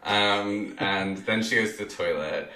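Male podcast co-host, very deep, rambling recap, echoey room, mic at a distance. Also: a little slow, bright, forceful tone. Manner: rambling, filler-heavy, laughs often. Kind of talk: casual film recap chat.

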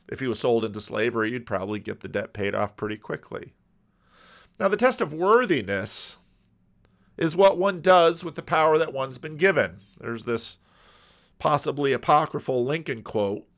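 A man preaching a sermon, explaining a parable and acting out its characters with animated, rising outbursts. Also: a little high.

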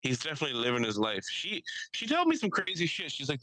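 A young man co-hosting a podcast, telling a story and acting out the people in it with lively voice changes. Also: on the high side, fast, no room sound, poor audio. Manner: animated, acts out quotes in shifting voices. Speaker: podcast co-host. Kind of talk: casual storytelling chat. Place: studio.

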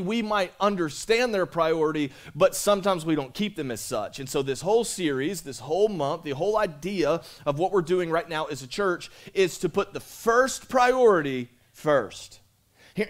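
Guy pastor preaching, kinda higher voice, talky, keeps calling out to the church. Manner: conversational, repeats himself, calls out to the congregation. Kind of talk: sermon. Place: church sanctuary.

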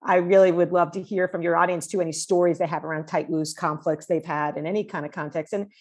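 A woman's voice: lowish voice, fast talker. A woman from New York, a cross-cultural psychologist, chatting animatedly in an interview. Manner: animated, chatty storytelling with fillers. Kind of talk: conversational interview.

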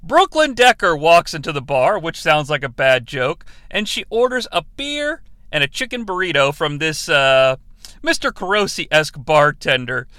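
Male podcast host, comedic movie review; high, bright, dry-sounding voice. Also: moderate pace, no room sound. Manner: animated, profane, jokey.

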